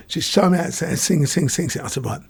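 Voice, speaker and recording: Older bloke, gravelly and a bit husky, chatty storyteller laughing along. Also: male voice, a little high. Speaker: guest. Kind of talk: casual chat.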